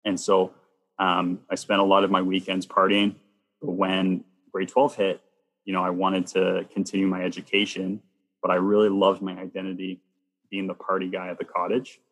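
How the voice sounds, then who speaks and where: A man from Canada sharing his personal faith testimony as a guest, telling it in a lively way that acts out what people said. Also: low voice, moderate pace, in a large hall. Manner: lively storyteller, acts out quoted lines.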